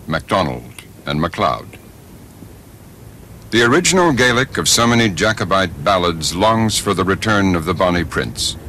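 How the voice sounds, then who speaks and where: A man narrating a documentary in a measured, solemn storytelling manner. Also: sits low, pushed and bright, a little hiss or hum. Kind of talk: scripted narration.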